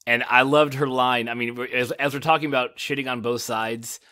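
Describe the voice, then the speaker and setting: An American man co-hosting a podcast, recapping a TV episode in casual chat and acting out characters' lines with animated, laughing energy. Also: medium pitch, normal speed. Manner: animated, laughing, quotes characters in raised voices. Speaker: podcast co-host.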